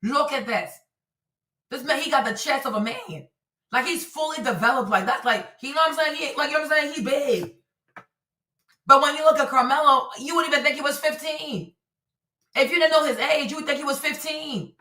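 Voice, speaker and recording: Animated woman streamer in echoey room. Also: high voice, fairly quick, distant mic. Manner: animated, repetitive, talks to her audience. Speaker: streamer commentator. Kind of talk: livestream commentary. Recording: roomy echo, voice a bit off-mic.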